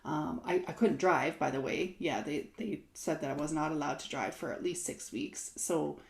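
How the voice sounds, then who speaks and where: A woman's voice: low voice, normal speed, creaky, a little mellow, reverberant. A married woman co-hosting a podcast, telling a personal story in a chatty way, with lots of fillers, restarts and laughs. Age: adult, married. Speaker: podcast co-host.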